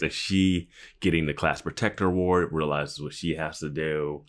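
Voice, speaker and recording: A man's voice: extremely low pitch, normal speed. A man co-hosting a podcast, chatting casually about a TV episode and laughing easily. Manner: laughs easily, lively delivery. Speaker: podcast co-host.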